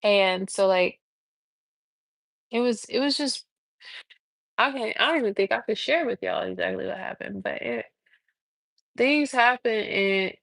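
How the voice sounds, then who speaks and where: A woman in her thirties, a massage therapist, telling a story on a casual livestream with animated, exasperated, swearing talk. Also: on the high side, moderate pace, vocal fry, no room sound.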